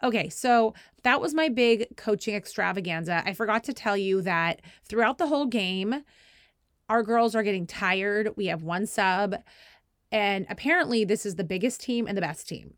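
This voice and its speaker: Female podcast host, 30s, chatty and self-deprecating, bursts into shouted quotes, dry close sound. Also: mid-range voice, lively intonation, moderate pace, no echo. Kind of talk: casual storytelling.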